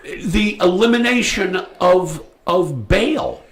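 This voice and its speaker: A man hosting a radio talk show, telling a story bluntly and crudely, loudly acting out the people in it. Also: high voice, takes it slowly, slight background noise. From United States. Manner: animated storyteller, acts out quoted voices loudly.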